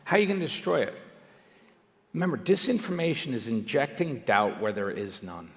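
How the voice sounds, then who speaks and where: A middle-aged man giving an animated, conversational public speech, swinging between loud emphatic bursts and quiet asides. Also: medium pitch, a little fast. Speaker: speaker at a live event. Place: large indoor venue. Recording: reverberant hall.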